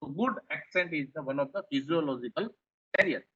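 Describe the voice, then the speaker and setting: A man's voice: a little high, fairly quick, fairly bright tone, slightly rough, dull audio. A man with an Indian English accent giving a classroom lecture, explaining points and repeating them. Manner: repetitive, explanatory, rephrases points.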